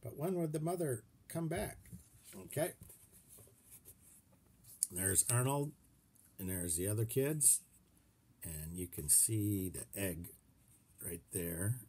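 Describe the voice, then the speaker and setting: A man reading a children's chapter book aloud in an expressive way, stopping to show pictures and check in with his listeners. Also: on the low side, slow, pauses often, a little hiss or hum. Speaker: reader to children.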